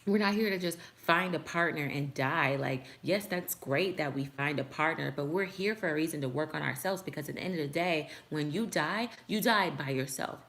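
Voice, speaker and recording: A woman's voice: deep voice, normal speed, hardly any pauses, a bit bright. A young woman vlogger giving a heartfelt motivational talk to the camera, with frequent "like" fillers.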